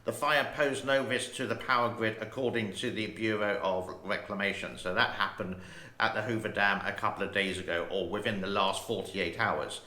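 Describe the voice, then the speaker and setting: A man's voice: lowish voice, fairly even intonation, bright, forceful tone. A man in his sixties hosting his own channel, rambling casually and reading headlines aloud. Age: 60s. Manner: slow, rambling, chatty. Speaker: channel host. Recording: roomy echo.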